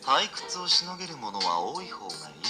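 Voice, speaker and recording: A man's voice: mid-range voice, sing-song, rapid-fire, close to an everyday voice. A man voicing a cold, cruel mafia boss. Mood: menacing. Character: menacing male mafia boss, bored and cruel. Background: game music.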